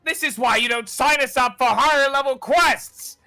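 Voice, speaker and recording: A man voicing a male elf archer, shouting in annoyance. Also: very high-pitched, normal speed, creaky, voice pushed up, heavily acted. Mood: exasperated.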